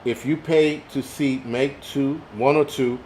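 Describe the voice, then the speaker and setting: A man's voice: medium pitch, steady tone, measured pace, a little mellow, a little hiss or hum. A middle-aged man hosting a live stream, ranting profanely and reading chat comments aloud, a little tipsy from liquor. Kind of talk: casual live stream rant.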